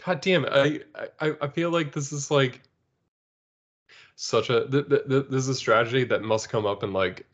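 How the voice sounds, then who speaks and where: A man's voice: mid-range voice, moderate pace, dull audio. A man co-hosting a podcast, chatting casually with frequent laughter, sarcastic asides and stammering restarts. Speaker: podcast co-host. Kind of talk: casual comedic chat.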